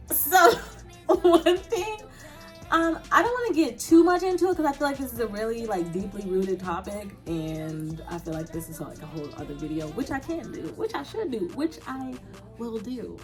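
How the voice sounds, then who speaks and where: A young woman vlogger answering viewer questions in a candid, casual chat, laughing often and dropping in quick asides. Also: a little high.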